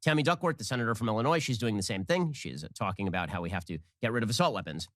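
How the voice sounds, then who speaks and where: A man giving sarcastic political commentary in a rapid-fire delivery. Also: on the low side, lively intonation, fairly bright tone, no echo, studio quality.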